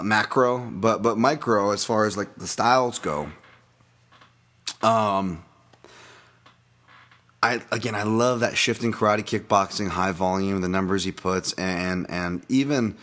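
A man hosting a solo podcast, breaking down upcoming fights in a rambling, animated and profane way. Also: lowish voice. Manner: animated, rambling, profane, laughs at own bits. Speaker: MMA fight analyst podcast host.

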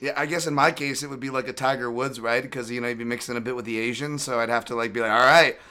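A man's voice: medium pitch, fairly even intonation, racing, sharp tone, clear, resonant tone. A man hosting a podcast, chatting casually and rambling through a story with many fillers and restarts. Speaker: podcast host.

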